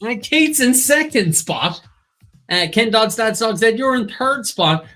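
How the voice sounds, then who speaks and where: Quiz host reading out standings. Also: male voice, very high voice, very animated, bright, forceful tone. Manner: reads out standings briskly, jokes with co-host. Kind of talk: casual live-stream chat.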